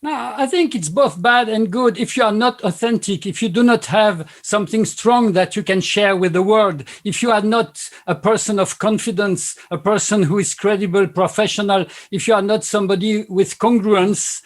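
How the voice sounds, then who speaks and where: A man's voice: high-pitched, moderate pace, hardly any pauses. A man with a French accent, a guest on a panel, speaking emphatically in repeated phrases. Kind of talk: panel discussion.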